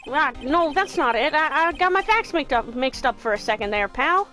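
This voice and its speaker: A woman's voice: high-pitched, expressive, moderate pace, bright, forceful tone, faint music behind. A woman doing a blustering bumbling cop. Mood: sheepish. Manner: blustering, says "pal". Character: bumbling gruff male police detective. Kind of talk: game voice reading.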